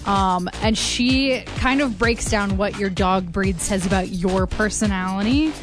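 Steady woman radio host. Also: medium pitch, measured pace, over music. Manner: steady, reads out items conversationally. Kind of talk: casual radio chat.

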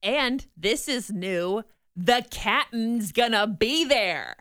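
Brief: bubbly female radio co-host, bright and lively, smooth voice. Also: a little high, no echo, clean studio sound. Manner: bubbly, quick to react and joke. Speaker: radio morning show co-host. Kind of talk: casual radio banter. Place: radio studio.

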